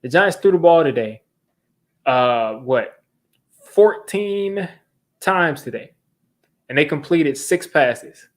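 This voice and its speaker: A man's voice: a little high, expressive, takes it slowly, long pauses. A young man hosting a sports fan channel, ranting in exasperation during a live football reaction, repeating himself as he vents.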